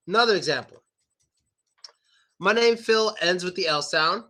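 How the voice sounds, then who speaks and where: Young american guy teaching english sounds, kinda high voice, repeats words over and over. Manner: lively, repeats words slowly for demonstration. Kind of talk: online pronunciation lesson.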